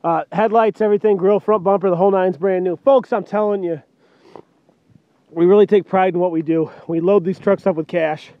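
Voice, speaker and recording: A man's voice: high-pitched, steady tone, brisk, lo-fi sound. A man selling trucks with a joking, hyped sales patter, recorded outdoors in the cold on a handheld camera mic. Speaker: truck dealer.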